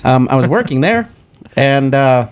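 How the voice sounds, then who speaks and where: A man's voice: mid-range voice, sing-song, measured pace, smooth. A man co-hosting a casual comedy podcast, telling a rambling story and acting out the voices of the people in it. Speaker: podcast co-host.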